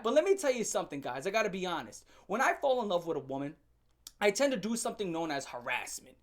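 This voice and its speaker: A man's voice: high voice, sing-song, fast. Brash joking young man ranting. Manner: brash, joking, crude, rambling. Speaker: vlogger. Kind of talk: storytime rant.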